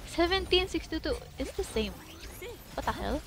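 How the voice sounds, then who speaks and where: A young woman, livestreaming a game in casual chat, excitable and cursing with sudden loud outbursts. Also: very high-pitched, moderate pace, creaky, music in the background. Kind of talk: casual gaming stream chat.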